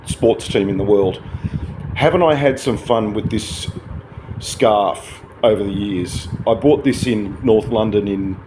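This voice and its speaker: A man's voice: lowish voice, a little mellow, slight background noise. A man, rambling through a chatty early-morning vlog from his hotel, swearing casually as he digresses. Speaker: vlogger.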